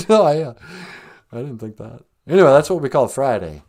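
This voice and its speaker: A man from Minnesota hosting a casual, jokey live-stream podcast, sounding out words slowly and carefully. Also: mid-range voice, lively intonation, a little mellow. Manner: playful, jokey, teaches words with slow careful pronunciation. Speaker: podcast host.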